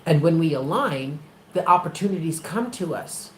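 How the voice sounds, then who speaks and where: A man's voice: fairly high pitch, lively intonation, moderate pace, a bit bright. Man, live tarot reading, emphatic and blunt, profane, roomy echo. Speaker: tarot reader.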